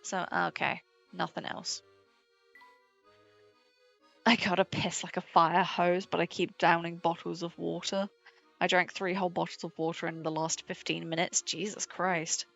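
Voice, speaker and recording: A woman's voice: lowish voice, flat delivery, a little slow, gravelly, fairly bright tone. A young British woman streaming a puzzle game, chatting casually, swearing freely and laughing along with her chat. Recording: slightly dull sound with faint game music.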